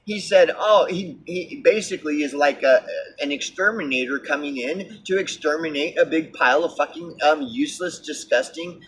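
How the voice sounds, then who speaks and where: A man with a slightly raised pitch rants in a heated, sarcastic monologue, tossing in profanity and loose fillers. He sounds set back from the microphone, and a faint hiss runs underneath. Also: normal speed. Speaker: vlogger. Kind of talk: ranting monologue. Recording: distant mic with faint background hiss.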